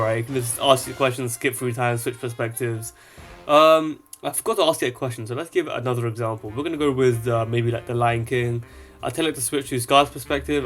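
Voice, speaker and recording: A man's voice: medium pitch, fairly even intonation, a little fast. Guy rambling thru a demo of his app, um and uh a lot, faint music behind. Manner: casual, rambling with fillers. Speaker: app developer. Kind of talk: casual product demo.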